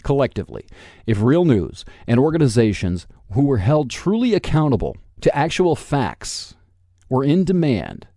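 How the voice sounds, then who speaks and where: A man's voice: on the low side, mellow, no echo, clean studio sound. A man in his forties hosting a solo podcast, ranting in a sarcastic, combative and profane way. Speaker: podcast host.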